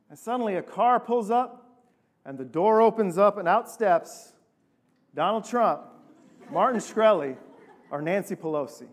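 A man, a pastor, preaching a sermon and telling a story with lively acted-out voices. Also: sits high, measured pace, pauses often. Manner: animated storytelling, acting out quoted voices.

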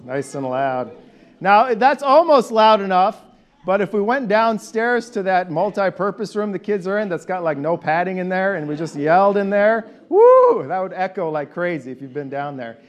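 A man preaching a conversational sermon, animated and leading his congregation in call and response. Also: high-pitched, moderate pace. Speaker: pastor.

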